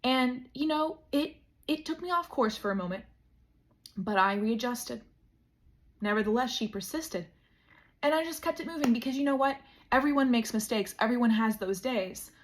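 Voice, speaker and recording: A woman's voice: on the high side, expressive, moderate pace. A young woman vlogger telling a funny story in a casual chat, with dramatic, mock-grand emphasis.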